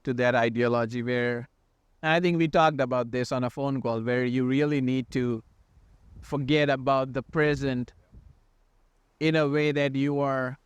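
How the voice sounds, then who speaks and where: A young man from India with an Indian English accent softened toward American, talking earnestly in a casual podcast conversation. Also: medium pitch, fairly even intonation, a little slow, clear, resonant tone, no echo, dull audio. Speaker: podcast co-host.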